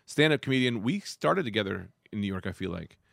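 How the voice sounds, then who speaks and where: A man's voice: lowish voice, expressive, fairly quick, vocal fry, fairly bright tone, no echo, clean studio sound. A man in his thirties hosting a casual comedy podcast, joking, swearing freely and slipping into funny voices.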